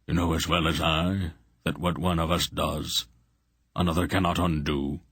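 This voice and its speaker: A stern, ancient sorcerer, voiced by a male reader speaks in a grim, measured tone. His voice sits deep and husky. It is a storybook voice, read dry and close. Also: flat delivery, fairly bright tone, dry recording, heavily acted. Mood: grim gentle.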